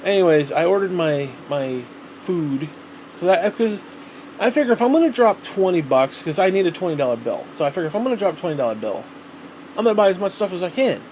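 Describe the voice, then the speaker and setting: A man's voice: a little high, lively intonation, quick pace, darkish tone, slight background noise, poor audio. A man talking casually to the camera at home, rambling and swearing freely. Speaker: vlogger.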